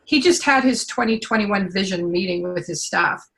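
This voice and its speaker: A woman's voice: medium pitch, moderate pace, creaky. Chatty woman sharing a testimonial. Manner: chatty, animated storyteller. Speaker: client giving a testimonial. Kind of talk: casual conversation.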